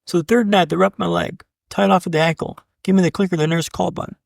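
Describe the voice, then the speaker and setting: Man, podcast guest, rapid-fire delivery, heavy gravel in the voice, dramatic storytelling. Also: high voice, steady tone, no room sound, clean studio sound. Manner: punchy, repetitive storytelling beats, addresses host by name; casual swearing. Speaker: podcast guest, keynote speaker.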